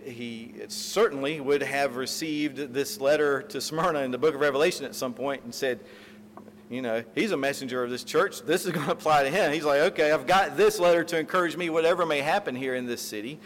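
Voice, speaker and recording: A pastor delivering a sermon, telling a story with animated retellings and acted-out quotes, then closing in prayer. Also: male voice, on the high side, fairly quick. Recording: reverberant hall, faint room noise.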